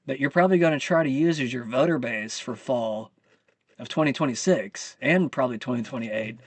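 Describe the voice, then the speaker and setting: A man with a slightly high voice hosts his own show and rants in a heated, profane way. He talks slowly and lets each jab land. The sound is close and dry. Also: no echo. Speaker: channel host. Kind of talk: live commentary rant.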